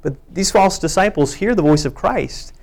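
A man's voice: sits high, expressive, moderate pace, gravelly, a little mellow. A man preaching a sermon, reading scripture aloud with earnest emphasis. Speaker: pastor.

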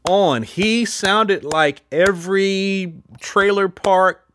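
A man's voice: high-pitched, very slow, a bit bright, a little hiss or hum. A man casually chatting as a podcast host, rambling with lots of fillers and restarts. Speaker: podcast host reviewing films. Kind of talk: casual chat.

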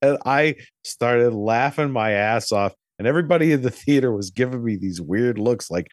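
At a normal speed and in a mid-range voice, this man in his forties tells stories while co-hosting a laid-back movie recap chat. He is animated and swears freely, and the studio-quality recording has no echo.

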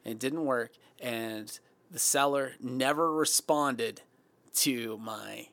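A man co-hosting a podcast, telling a story about himself in casual chat with lively, self-mocking energy. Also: medium pitch, slow, gravelly, no echo. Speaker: podcast co-host.

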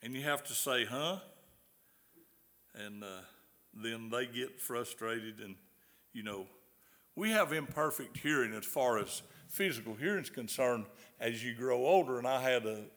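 An older man with a Southern US drawl delivers a folksy sermon, repeating words as he goes and tossing questions out to the congregation. His middle-pitched voice carries a long reverb from the large hall he preaches in. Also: fairly bright tone. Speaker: pastor.

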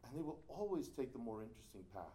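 A man who teaches writing workshops, telling an animated story about his own training with lively restarts. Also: medium pitch, fast.

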